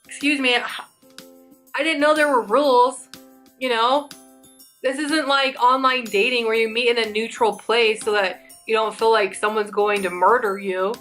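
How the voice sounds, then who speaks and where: A woman's voice: on the high side, steady tone, normal speed, fairly bright tone, faint music behind. A young woman vlogger chatting through a storytime, rambling and restarting her sentences as she goes. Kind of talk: casual storytime.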